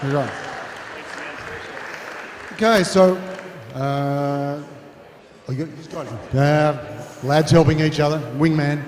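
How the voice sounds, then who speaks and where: A man's voice: fairly high pitch, slow pace, pauses often, a little mellow, a little hiss or hum. A man hosting an awards night, chatty and loose with fillers. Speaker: awards ceremony host. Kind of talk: live emcee patter. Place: large reverberant event hall with audience. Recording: echoey hall, crowd behind.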